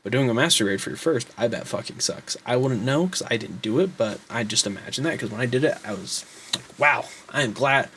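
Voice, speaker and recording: A young man rambling in a casual show-and-tell vlog, swearing a lot and getting excited as he talks. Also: mid-range voice, fast talker, a little hiss or hum. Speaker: hobby vlogger.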